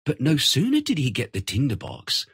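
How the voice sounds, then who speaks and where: Husky, animated male storyteller. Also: medium pitch, moderate pace, no echo, studio quality. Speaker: narrator. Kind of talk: scripted storybook narration.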